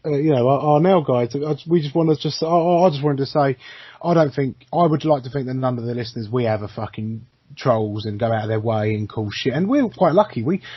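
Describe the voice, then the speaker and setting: A man's voice: medium pitch, brisk, husky, no echo, dull audio. A man co-hosting a podcast, talking bluntly and swearing, often restarting his sentences. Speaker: podcast co-host. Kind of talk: casual podcast chat.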